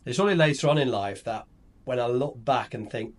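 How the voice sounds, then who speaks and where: A man's voice: medium pitch, brisk. A middle-aged man, a company founder chatting casually on a podcast, rambling and telling stories with many restarts. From England. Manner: relaxed, rambling storyteller with restarts.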